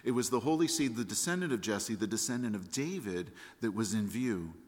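A man's voice: on the low side, expressive, fairly quick, a little mellow. A man preaching a sermon as pastor, explaining plainly and reading scripture aloud with rising force. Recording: long church-hall reverb.

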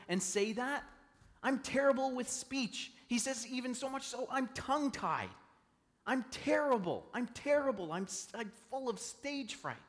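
A man's voice: sits high, a bit bright, long reverb tail, pitched above the performer's own voice, heavily acted. A man voicing Moses as an anxious, self-doubting runaway shepherd who stammers and pleads.

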